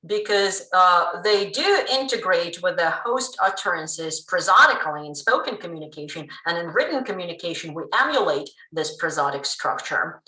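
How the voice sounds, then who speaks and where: A woman giving a pre-recorded linguistics lecture, explaining in a lively way with frequent ums. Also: mid-range voice. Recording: roomy room sound.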